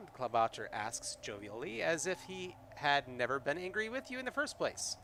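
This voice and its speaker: A man's voice: fairly high pitch, sing-song, moderate pace, bright, forceful tone, slight background noise. Rambling man streaming a solo game. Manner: rambling, many fillers and restarts. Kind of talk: live solo tabletop game, narrating and chatting.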